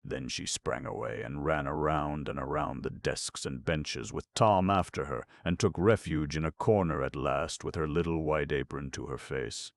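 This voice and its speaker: A man reading a classic novel aloud as an audiobook narrator, in a measured storytelling manner. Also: extremely low pitch, vocal fry, no echo. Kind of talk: scripted narration.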